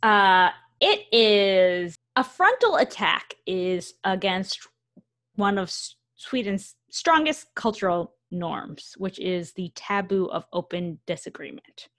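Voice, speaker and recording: A woman's voice: mid-range voice, sing-song, takes it slowly, a bit bright. Woman on a chat podcast reading news and riffing, casual and chatty. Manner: conversational, reads quotes, self-correcting asides. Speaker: podcast co-host.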